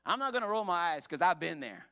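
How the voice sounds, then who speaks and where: A man preaching a sermon as pastor to a church congregation, animated and jokey, acting out voices as he tells the story. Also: sits high, quick pace, smooth.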